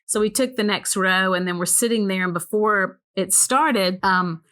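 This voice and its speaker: Bright clear woman chatting, lots of um and so anyway, animated storyteller. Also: mid-range voice, normal speed. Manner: rambling with many "um" and "so anyway"; animated, voices the people in her story. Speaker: guest, ministry co-founder. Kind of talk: casual storytelling conversation.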